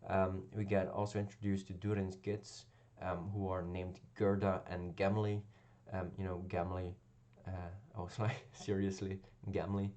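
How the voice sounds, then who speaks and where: A man's voice: sits low, level tone, normal speed, hardly any pauses, mellow, dull audio. A man giving a casual spoken review of a television episode, talking hesitantly with many ums and restarts. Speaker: video reviewer.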